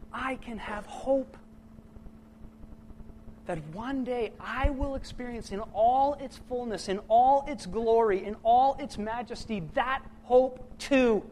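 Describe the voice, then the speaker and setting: A middle-aged man preaching a sermon to his church, impassioned, swinging from loud bursts to hushed, quiet lines. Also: extremely high pitch, slow pace, slight background noise, low-quality recording.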